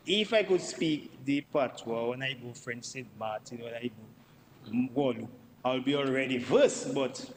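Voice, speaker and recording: A man with a Dominican accent giving an emphatic parliamentary budget debate speech, repeating himself for emphasis and addressing the Speaker. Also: fairly high pitch. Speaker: member of parliament. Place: parliament chamber. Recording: long chamber reverb with faint background noise.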